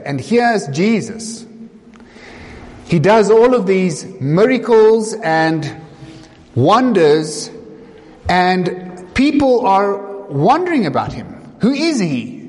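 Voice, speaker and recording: A man's voice: high-pitched, darkish tone, in a large hall. A man preaching a sermon, retelling a story dramatically, voicing the people in it and asking the listeners rhetorical questions.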